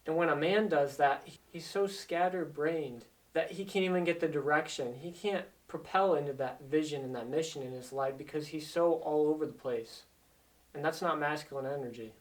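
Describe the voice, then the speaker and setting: A man's voice: on the high side, moderate pace, distant mic. A man speaking as a life coach in an earnest, motivational talk, repeating himself to drive each point home.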